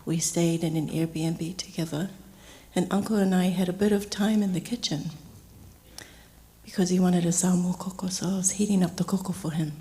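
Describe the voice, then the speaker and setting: A middle-aged woman speaking gently and slowly as she shares a heartfelt memorial tribute for her uncle. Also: fairly low pitch, steady tone. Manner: gentle, slow and heartfelt storytelling. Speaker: niece giving a eulogy. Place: memorial service hall. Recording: long hall reverb.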